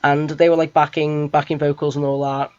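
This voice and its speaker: A young adult podcast host telling a long gig story in casual chat, rambling and excitable, swearing freely. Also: mid-range voice, fairly quick, no echo. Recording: dry, slightly muffled lo-fi recording.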